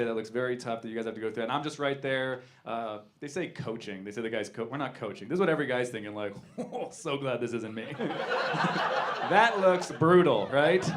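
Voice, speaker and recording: A man in his thirties doing a stand-up comedy set on a club stage, talking in an animated way and jumping into loud voices for characters. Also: medium pitch, slight background noise.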